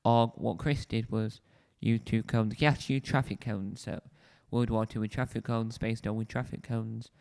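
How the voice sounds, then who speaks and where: On the low side, this man's voice is gravelly, a little mellow and clean, with fairly even intonation and a measured pace. Hosting a casual solo review of a show for video, he rambles chattily and keeps correcting himself. He's indoors on a squeaky spinny chair, a desk mic near his face.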